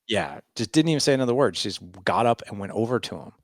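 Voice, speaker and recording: A man in his forties, a podcast guest, telling a personal story in an animated way and acting out what others said. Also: medium pitch, fast talker, dry recording, studio quality. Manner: animated storyteller, lots of "I was like" quotes. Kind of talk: storytelling interview.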